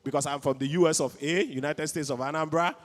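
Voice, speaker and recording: Brief: Igbo-accented Nigerian emcee, high-pitched, hyped crowd-rouser, reverberant event hall. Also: male voice, fairly even intonation, fast. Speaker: event co-host. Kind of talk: live event hosting.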